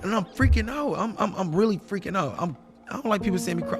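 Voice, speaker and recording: A man telling a dramatic personal story in casual talk, dropping low and hushed, then breaking into shouted quotes. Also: lively intonation, fast, music in the background. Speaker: guest telling his story.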